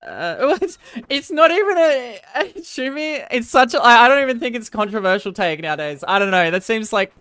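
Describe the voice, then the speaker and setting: A woman's voice: fairly high pitch, very animated, brisk, fairly bright tone, clean tone, dry recording. An Australian woman streaming live, rambling casually and mocking herself as she answers her chat. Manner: rambling, self-mocking, answers viewers' chat between game moments.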